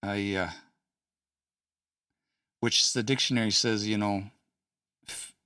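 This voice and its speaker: A man's voice: fairly low pitch, steady tone, slow, sharp tone, clear, resonant tone, dry recording, clean studio sound, distant mic. A man hosting a casual study session, thinking aloud with hesitant restarts and small chuckles. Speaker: host studying a language.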